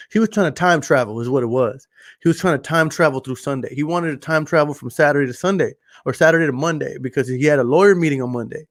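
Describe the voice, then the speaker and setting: A man's voice: fairly high pitch, fast talker, no echo, studio quality. A man with a Texan accent hosting his podcast in a casual monologue, swearing freely and repeating phrases for emphasis as he tells stories. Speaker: podcast host.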